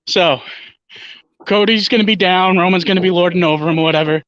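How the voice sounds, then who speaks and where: A guest man on a livestream, speaking confidently and emphatically with casual swearing. His voice is high and bright, coming through dry and a little dull, as over a lo-fi call line. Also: brisk, dry recording. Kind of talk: casual chat.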